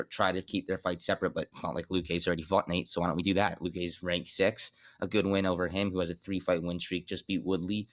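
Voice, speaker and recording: A man's voice: low-pitched, no room sound, clean studio sound. A young man co-hosting a podcast, giving blunt, joking opinions in casual sports chat. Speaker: podcast co-host.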